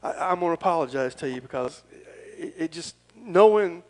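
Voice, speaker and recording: A man's voice: a little high, expressive, a little fast, darkish tone, rough recording. A middle-aged man, preaching a folksy, rambling and earnest sermon as pastor.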